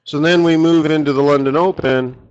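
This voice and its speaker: A man's voice: a little high, steady tone, brisk, clear, resonant tone, highs cut off. A man running a live forex strategy session, talking casually and rambling, often asking his audience rhetorical questions.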